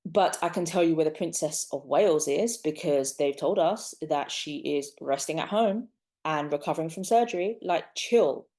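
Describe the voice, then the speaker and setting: A young woman talks straight to camera in an animated, exasperated rant. Her voice sits on the low side, with a mellow, soft tone. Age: young adult. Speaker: vlogger. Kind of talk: casual opinion commentary.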